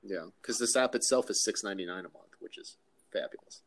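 A man co-hosting a podcast in relaxed casual chat, often restarting his sentences. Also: on the low side, fairly quick. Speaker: podcast co-host.

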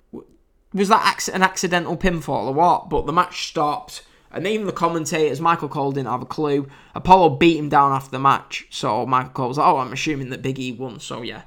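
Hosting his own relaxed wrestling review show, this man from the United Kingdom has an English accent and a fairly high, somewhat bright voice with vocal fry. His delivery is wry and talkative, often broken by fillers and restarts.

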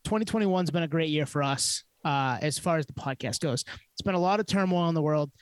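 A man with a fairly high voice jokes and rambles through a casual podcast chat. The sound is dry and close. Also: brisk, smooth, no room sound. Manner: joking, rambling. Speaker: podcast co-host.

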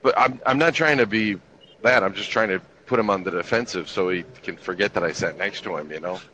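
A man's voice: fairly low pitch, brisk, bright, forceful tone, slight background noise. A man in his fifties telling army stories in casual chat, with a laid-back, profane, wry delivery. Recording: dull lo-fi recording with faint ambience.

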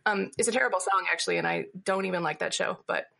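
A woman's voice: fairly low pitch, fast talker, vocal fry, noisy background. A woman from St. Louis, a wedding planner guest on a podcast, wry and outspoken. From St. Louis, Missouri. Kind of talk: casual podcast interview.

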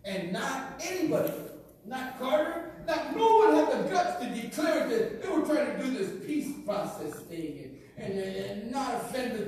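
A middle-aged man from Arizona preaching a sermon in an animated, colloquial way, often laughing. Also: very high voice, normal speed. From Arizona, USA. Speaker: pastor. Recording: very echoey hall from far off, faint noise.

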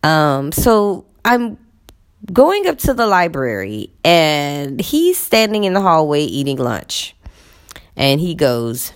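A woman's voice: low voice, very animated, slow pace, smooth. A woman teacher telling a story in a candid, conversational way with many fillers. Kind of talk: storytelling monologue.

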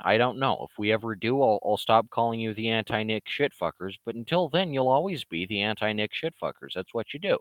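A man's voice: medium pitch, sharp tone, dry recording. A man in a casual, rambling monologue, swearing freely and mocking the people he talks about as he addresses his fans. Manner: profane, rambling, quick to mock. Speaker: comic creator addressing his online fans.

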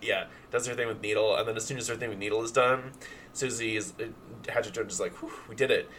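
A man's voice: on the low side, fast talker, slight background noise. A man co-hosting a comedy podcast, riffing an improvised story with lots of fillers. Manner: animated, full of fillers. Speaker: co-host.

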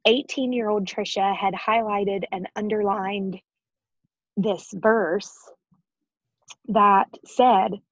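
A woman's voice: mid-range voice, fairly even intonation, slow, pauses often, no room sound, highs cut off. A woman in her thirties telling a personal faith story as an interview guest, earnest and emotional, laughing often and close to tears. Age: 30s.

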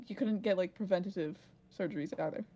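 A woman's voice: fairly low pitch, fast, mellow. A woman in her twenties co-hosting a podcast in casual chat, rambling and filling her sentences with "like". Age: 20s. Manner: rambling, leaning heavily on "like". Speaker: podcast co-host.

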